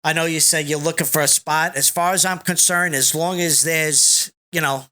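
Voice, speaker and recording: A man speaking as a podcast guest, slow and deliberate, relaxed and rambling in casual conversation. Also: fairly high pitch. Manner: slow and deliberate, reciting a long list of names.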